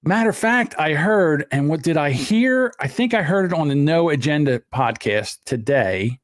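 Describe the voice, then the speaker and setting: An older man banters on a podcast, his voice sitting a little high for a man. He talks in a loose, animated way, mocking and mimicking what he sees on screen. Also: normal speed, no room sound, studio quality. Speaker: podcast co-host. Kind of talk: casual chat.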